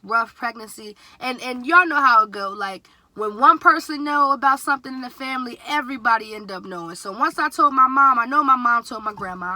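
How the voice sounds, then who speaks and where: Bright-voiced chatty young woman. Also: no room sound. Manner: chatty, animated, mimics her dad in a high voice. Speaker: vlogger. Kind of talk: casual storytime vlog.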